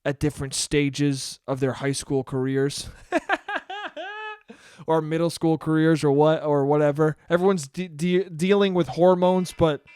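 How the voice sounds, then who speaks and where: A man's voice: on the high side, steady tone, a little slow, a little mellow, clean tone, dry recording, studio quality. A young man hosting a solo podcast, telling a rambling, profane, self-mocking story. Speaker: podcast host. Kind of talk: casual solo podcast monologue.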